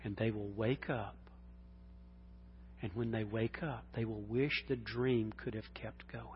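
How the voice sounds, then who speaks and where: A male pastor preaching a sermon, dropping to hushed whispers and rising to loud, impassioned cries. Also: fairly low pitch, steady tone, unhurried, a little hiss or hum. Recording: dull sound in a long-reverb hall.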